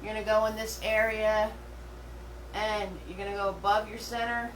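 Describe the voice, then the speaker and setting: A middle-aged woman talks a class through a painting, chatty and rambling, stopping for fillers and restarts. Her voice sits at a middle pitch and carries the echo of an indoor room, picked up from away from the mic. A faint hum runs underneath. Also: level tone, moderate pace, far from the mic. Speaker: painting instructor. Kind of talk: live step-by-step painting class.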